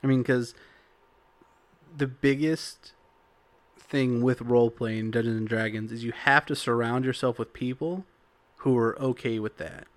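An opinionated man holds forth about how tabletop games should be played, talking in long unbroken runs. His voice sits at a middle pitch and is recorded dry and close, with no room sound. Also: steady tone, a little slow, long pauses, no echo. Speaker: tabletop role-playing player. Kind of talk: casual podcast chat.

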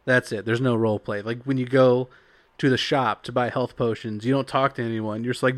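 An opinionated man holds forth about how tabletop games should be played, talking in long unbroken runs. His voice sits at a middle pitch and is recorded dry and close, with no room sound. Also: steady tone, fairly quick, dry recording. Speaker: tabletop role-playing player. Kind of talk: casual podcast chat.

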